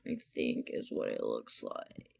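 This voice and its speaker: A woman's voice: very deep voice, huge pitch swings, takes it slowly, creaky, darkish tone, slightly rough. A woman streamer chatting casually on a live stream, rambling and swearing freely, acting out what others said to her.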